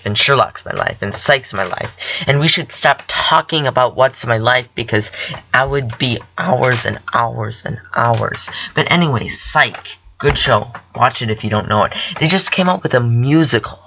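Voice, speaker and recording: A young man hosting his own podcast, chatting about TV shows in a rambling, excitable way and correcting himself often. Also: medium pitch, unhurried, vocal fry, dull audio, a little hiss or hum. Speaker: podcast host. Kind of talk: casual solo chat about TV shows.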